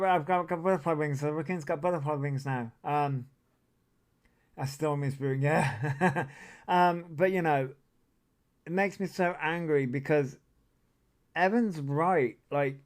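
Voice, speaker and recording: A man's voice: a little high, slow, long pauses. A man hosting a casual livestream, rambling off on tangents and swearing often. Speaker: livestream host. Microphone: desk mic that picks up a lot.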